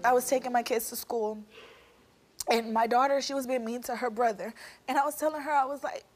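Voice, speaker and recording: A woman recounting a painful family story in a quiet, subdued way. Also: on the high side, fairly even intonation, a little fast, soft background music. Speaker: guest telling her story. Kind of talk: interview confessional.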